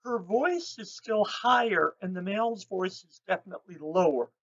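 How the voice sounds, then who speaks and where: Husky-voiced woman telling bird stories. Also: medium pitch, normal speed, muffled recording. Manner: lively storyteller who mimics bird calls. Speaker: raptor educator. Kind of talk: educational storytelling.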